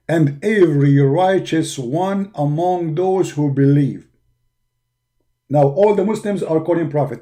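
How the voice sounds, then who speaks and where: A man giving mocking satirical commentary in an animated way. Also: a little high, unhurried. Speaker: religion critic.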